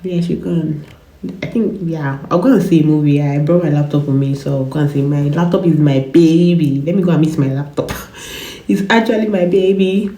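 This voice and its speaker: A woman's voice: sits low, brisk, mellow, roomy sound. A woman in her twenties with a cough, chatting to camera, rambling and repeating herself. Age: 20s. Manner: chatty, rambling, repeats words, laughs often. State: has a cough. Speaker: vlogger. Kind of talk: casual chat to camera. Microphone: phone camera.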